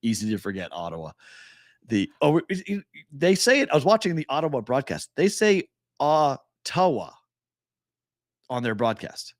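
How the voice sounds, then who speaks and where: A man co-hosting a sports betting podcast in casual chat, animated and laughing as he retells games. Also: mid-range voice, brisk, no echo, clean studio sound.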